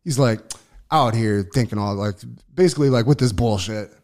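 A man's voice: lowish voice, moderate pace. Profane, rambling male podcast storyteller. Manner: profane, rambling, lots of restarts and fillers; gets loud and excited when reliving events. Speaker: podcast co-host. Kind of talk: casual storytelling chat.

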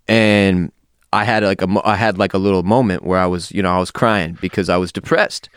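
A man's voice: sits low, steady tone, brisk, clean tone, dry recording, clean studio sound. A man hosting a podcast, frank and open, swearing freely with many hesitant fillers in candid casual talk. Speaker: podcast host.

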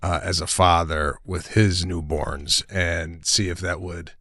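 A man hosting a casual podcast, asking his guests eager, animated questions. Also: deep voice, slow pace, no echo, clean studio sound. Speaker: podcast host.

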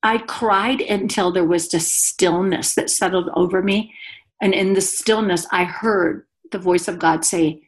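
A woman's voice: on the low side, fairly even intonation, unhurried. A woman guest telling a personal story on a podcast in an earnest, confessional way. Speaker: guest author and speaker.

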